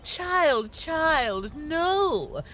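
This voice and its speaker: A woman's voice: high voice, very animated, very slow, a bit bright, exaggerated voice. An actress voicing a snooty aristocratic lady in a video game, prim, mannered and disdainful. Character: snooty aristocratic lady, adult, obsessed with titles.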